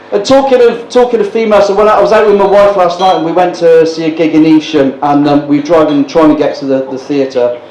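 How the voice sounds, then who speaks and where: A man in his sixties hosting a live stand-up comedy night, bantering with the audience in a cheeky, sweary way. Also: fairly high pitch. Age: 60s. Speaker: stand-up compere. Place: indoor live comedy gig at a brewery. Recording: echoey room with loud background noise.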